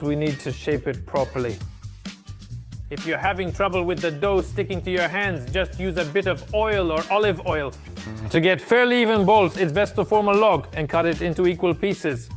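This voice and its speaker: A man from Poland, friendly and explaining each step as he cooks. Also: high-pitched. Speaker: cook. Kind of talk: casual cooking demonstration.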